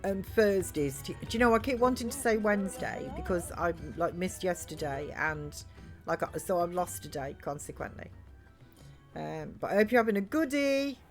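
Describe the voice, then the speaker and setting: A woman's voice: lowish voice, expressive, normal speed, faint music behind. A woman chatting and giggling while livestreaming a video game. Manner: chatty, giggly, reads chat aloud. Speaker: game streamer. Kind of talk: live let's-play chat.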